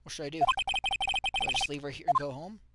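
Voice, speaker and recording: A man's voice: a little high, wildly swooping pitch, fast, very noisy. A man hosting a game playthrough, reading the dialogue aloud in a casual, conversational way. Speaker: let's play host reading all parts. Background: loud game music.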